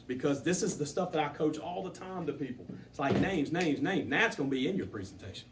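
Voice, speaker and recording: Animated man coaching a sales team. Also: fairly high pitch, recorded from a distance, a little hiss or hum. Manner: animated, repetitive coaching with rising emphasis. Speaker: sales trainer. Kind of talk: sales training talk to a live group.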